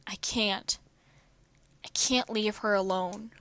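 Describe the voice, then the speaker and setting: A woman voicing an anxious, devoted teenage male mutant turtle, speaking quietly and pleadingly in a fan story reading. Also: mid-range voice, fairly even intonation, slow pace, smooth, no room sound.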